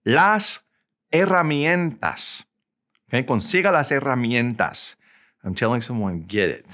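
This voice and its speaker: A man teaching a recorded language lesson, with a voice that rises and falls a lot. He explains patiently and repeats examples slowly and clearly. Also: mid-range voice, a bit bright.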